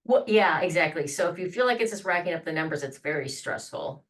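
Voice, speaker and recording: A woman's voice: on the low side, animated, brisk, far from the mic. A woman guest on a podcast explaining how to introduce yourself, acting out sample lines with many restarts. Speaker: branding and communications guest. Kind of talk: conversational podcast interview.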